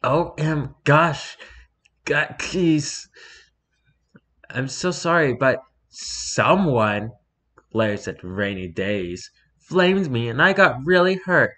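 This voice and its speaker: A man's voice: mid-range voice, lively intonation, takes it slowly, sharp tone. A man hosting a comedic reading of a fan story, breaking off with exasperated, sarcastic asides.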